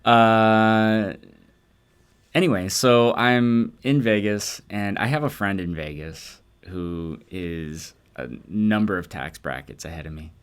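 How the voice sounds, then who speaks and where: A man's voice: on the low side, slow, smooth. A man co-hosting a comedy podcast, telling a self-deprecating story in casual chat with hesitant fillers. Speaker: podcast co-host.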